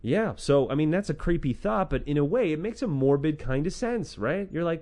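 Profane, animated man retelling old stories. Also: fairly high pitch, moderate pace. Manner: profane, sarcastic, animated with acted-out quotes. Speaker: podcast host retelling a scripture book. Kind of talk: irreverent casual storytelling.

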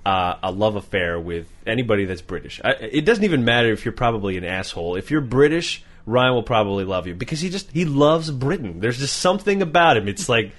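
A man's voice: medium pitch, lively intonation, brisk, few pauses, a bit bright. A man co-hosting a podcast in casual chat, teasing and sarcastic. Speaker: podcast co-host.

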